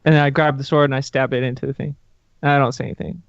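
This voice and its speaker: A man's voice: medium pitch, flat delivery, quick pace, gravelly, no echo, dull audio. A man playing a tabletop game in character, casual and lightly swearing. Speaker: player.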